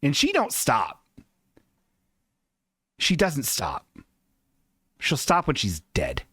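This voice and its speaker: Slow and husky, with a mid-range voice and no echo, a man hosts a comedy podcast where he riffs on pictures. His casual commentary is animated and giggly, full of laughing asides.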